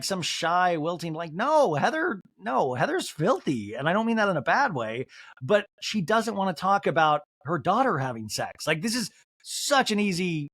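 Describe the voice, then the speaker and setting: A man hosting a podcast who recaps a reality show in a joking, animated way and acts out the quotes. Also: high-pitched, no echo, clean studio sound. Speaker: podcast host. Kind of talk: comedic TV recap.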